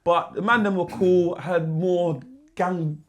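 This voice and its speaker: A man with a London accent telling stories from his past in a casual interview, using street slang and acting out other people's voices. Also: a little slow. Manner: animated, mimics voices in his anecdotes with big pitch jumps. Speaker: guest musician. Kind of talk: casual storytelling.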